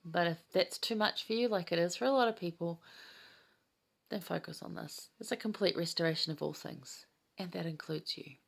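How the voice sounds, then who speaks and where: A woman in her fifties with a low, gravelly voice, talking through scripture in a chatty, enthusiastic way. She sounds heartfelt and warm toward her listeners, as if teaching a small study group. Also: moderate pace. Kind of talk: casual gospel study chat.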